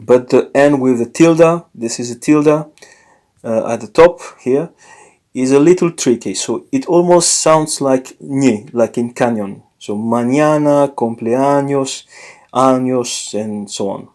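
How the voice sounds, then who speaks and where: Slow-paced man teaching a language lesson. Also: medium pitch, darkish tone. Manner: slow, explains patiently, frequent fillers and self-corrections. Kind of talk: casual lesson.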